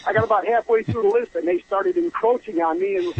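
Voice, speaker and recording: A man calling in to a radio show, telling a long story in a rambling, halting way and acting out the people in it. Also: high-pitched. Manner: rambling, halting, acts out voices in his story. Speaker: caller. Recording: muffled phone line on radio.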